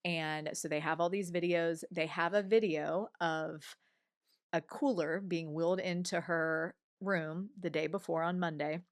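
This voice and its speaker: A woman's voice: deep voice, no echo, clean studio sound. A woman in her forties, a guest on an interview show, telling a personal story conversationally and acting out what others said. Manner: animated storyteller, acts out others' remarks.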